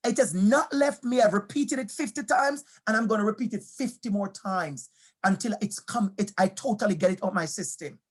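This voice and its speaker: A man's voice: high-pitched, moderate pace, slightly rough. A man giving a motivational talk to teachers, weaving in personal stories, emphatic and repeating key phrases, asking questions and speaking straight to his audience.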